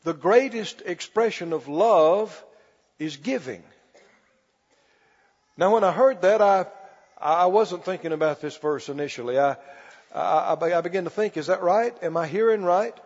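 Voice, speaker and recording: A man preaching a sermon as pastor, stretching key words slowly and calling for the congregation to respond. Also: sits high, a little mellow. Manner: preaching with call-and-response, slow emphatic stretches. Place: church. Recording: muffled recording in a reverberant church hall.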